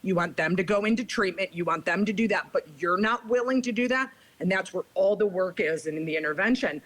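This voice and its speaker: A woman's voice: medium pitch, fairly quick, a bit bright, rough recording. A woman guest on a recovery podcast, telling her own story in a candid, confessional way and often checking in with "right?" and "you guys".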